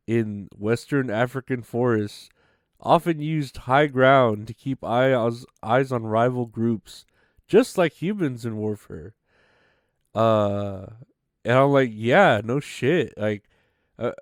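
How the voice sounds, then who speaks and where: A man's voice: medium pitch, clear, resonant tone, no room sound, studio quality. A man hosting a solo podcast, rambling and swearing in a sarcastic, offhand way. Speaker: podcast host. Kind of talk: casual solo podcast rant.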